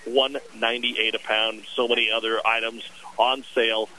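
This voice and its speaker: A man's voice: medium pitch, little pitch movement, moderate pace, pushed and bright, rough recording. Upbeat male sports radio host. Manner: upbeat salesy patter. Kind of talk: live remote broadcast with ad reads. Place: outdoor store remote.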